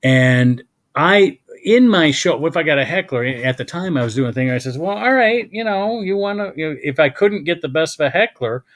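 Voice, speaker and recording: A man's voice: mid-range voice, expressive, moderate pace, hardly any pauses. An older man hosting a casual chat, rambling as he tells old stories and hunts for names. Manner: rambling, gets lost hunting for names. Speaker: host.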